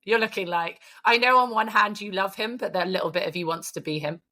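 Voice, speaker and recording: Woman, podcast co-host, bright edge, chatty and laughing. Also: medium pitch, a little fast. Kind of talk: casual chat.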